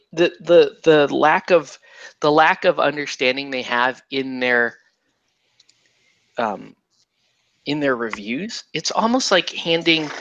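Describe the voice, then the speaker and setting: A man's voice: medium pitch, a bit bright, dry recording, lo-fi sound. A man hosts a casual chat at his painting desk and talks into a headset in a mid-range voice. He rambles and jokes and often restarts his sentences. The sound is dry and close. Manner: rambling, joking, with many restarts and laughs. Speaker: host of a miniature painting stream.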